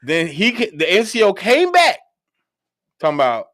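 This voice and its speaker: A man co-hosting a casual talk show, telling a relaxed army memory and quoting the people in it. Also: high-pitched, normal speed, dry recording, studio quality. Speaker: podcast co-host. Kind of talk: casual storytelling chat.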